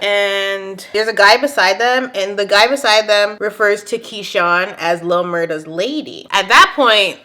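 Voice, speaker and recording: A young woman hosting a casual TV recap, talking in a sassy, animated way and laughing often. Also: medium pitch. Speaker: recap show host.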